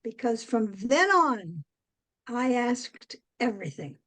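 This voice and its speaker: An older woman, a guest in an interview, telling a long story in a rambling way, with many pauses and "um"s. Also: a little high, sing-song, fairly bright tone, no echo, poor audio. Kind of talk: casual interview chat.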